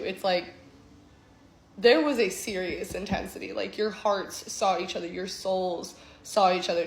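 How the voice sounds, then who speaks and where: A woman giving an intuitive tarot reading, with a flowing, reflective delivery that often checks in with "okay?". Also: medium pitch. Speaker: tarot reader. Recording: echoey room, faint background hum.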